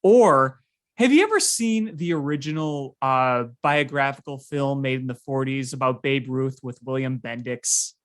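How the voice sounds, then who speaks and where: A sports podcast co-host in casual chat, telling stories in an animated, ranting way. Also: mid-range voice, a little slow. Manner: animated storyteller, ranting about bad movies.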